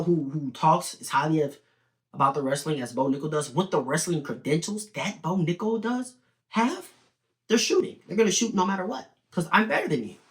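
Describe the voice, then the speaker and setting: A young man giving opinionated, animated fight predictions in a casual video commentary. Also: a little high. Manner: opinionated, animated, talks in quick bursts with restarts. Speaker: sports betting and fight prediction host.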